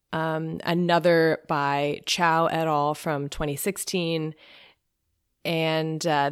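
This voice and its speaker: A woman co-hosting a podcast in a bubbly, casual way, often breaking into laughter. Her voice sits a little low. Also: clear, resonant tone. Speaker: podcast co-host.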